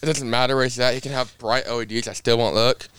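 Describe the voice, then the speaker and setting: A man's voice: medium pitch, fast talker, clear, resonant tone. A young man, a race car driver telling rambling racing stories in casual podcast chat. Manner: rambling, animated anecdotes with many fillers.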